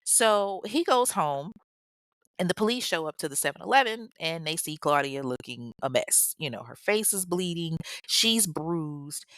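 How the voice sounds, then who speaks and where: A woman's voice: lowish voice, expressive, normal speed, fairly bright tone, no echo. Chatty, profane woman telling a crime story. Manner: chatty and profane, laughing asides to listeners. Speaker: podcast host. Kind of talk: casual true-crime storytelling.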